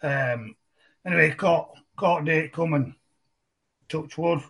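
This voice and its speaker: A man's voice: a little high, slow pace, vocal fry, fairly bright tone, breathy edge. A middle-aged man with a broad Barnsley Yorkshire accent, telling his story as a podcast guest in a chatty, rambling way. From England. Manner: broad, chatty, repeats and restarts phrases. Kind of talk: casual storytelling conversation.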